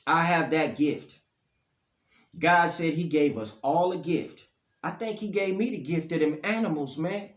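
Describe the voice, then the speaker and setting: Blunt aave-guy ranting on camera, kinda high voice, echoey room. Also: unhurried. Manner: blunt, profane, heated, pitch and loudness swinging up and down. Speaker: dog breeder vlogger.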